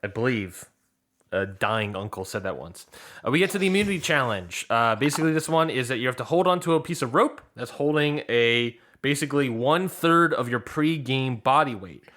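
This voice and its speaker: A man's voice: mid-range voice, animated, moderate pace, a bit bright. A man co-hosting a podcast, retelling a reality show episode in casual chat and acting out the players' lines. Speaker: podcast co-host.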